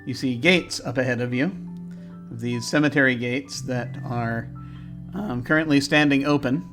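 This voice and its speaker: A man's voice: mid-range voice, unhurried, fairly bright tone, faint music behind. A man narrating a tabletop game as game master, hesitant, with many ums and restarts.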